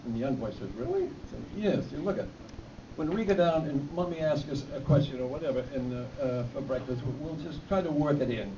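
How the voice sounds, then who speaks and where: A man's voice: medium pitch, fairly quick. A man telling jokes at a fundraiser, rambling through his setups and laughing at his own punchlines. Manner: rambling joke delivery with restarts and fillers. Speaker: amateur comedian at a fundraiser. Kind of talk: telling jokes to a live audience. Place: event hall with a live audience. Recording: distant, dull, with crowd noise.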